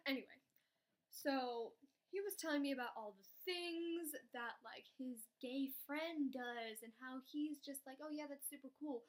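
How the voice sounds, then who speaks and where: A young woman vlogger telling a story in casual chat, dramatic and chatty, jumping between loud outbursts and soft asides. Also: high-pitched, unhurried.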